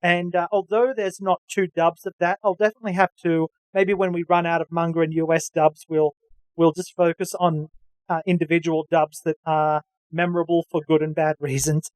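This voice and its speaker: A man's voice: on the high side, flat delivery, a little fast, darkish tone, dry recording, poor audio. A man hosting a podcast, chatting knowledgeably with lots of fillers and restarts. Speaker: podcast host. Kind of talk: casual chat.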